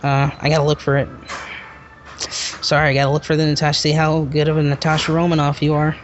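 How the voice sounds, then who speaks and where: A man hosting a casual podcast, joking and excitable, talking in loose rambling bursts. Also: a little high, quick pace, slight background noise. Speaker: podcast host. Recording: muffled lo-fi recording.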